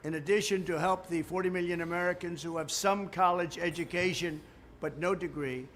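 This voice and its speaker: A man delivers a scripted speech to camera in an emphatic voice, pitched a little high. He stresses syllables in unexpected places. Faint noise sits under the recording. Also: a bit bright. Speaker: politician in a played campaign video.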